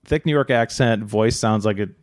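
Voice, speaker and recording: A man co-hosting a podcast, telling a true-crime story in a relaxed, rambling way with many fillers and joking asides. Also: fairly low pitch, moderate pace, no room sound, studio quality. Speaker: podcast co-host.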